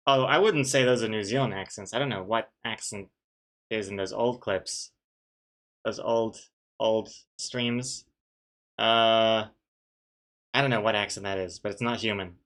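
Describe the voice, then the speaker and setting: A man's voice: fairly low pitch, fairly even intonation, unhurried, pauses often, a bit bright. A young man on a live stream, chatting casually while drawing a comic, reading out viewer messages and poking fun at himself. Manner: rambling, self-mocking, reads out chat messages and greets viewers.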